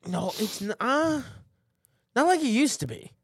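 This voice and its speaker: A podcast host in casual chat, teasing friends and riffing quickly. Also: mid-range voice, husky, no echo, studio quality. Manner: teasing, animated, quick to riff.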